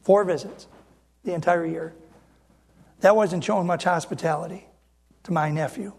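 A man's voice: a little high, normal speed, gravelly. A middle-aged man preaching a sermon as an independent Baptist preacher, emphatic and repeating phrases as he speaks straight to the congregation.

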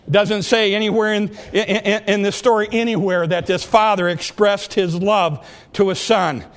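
A middle-aged man, a pastor, preaching a sermon that swings from impassioned peaks down to quiet, confiding asides. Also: high voice, fairly even intonation, moderate pace.

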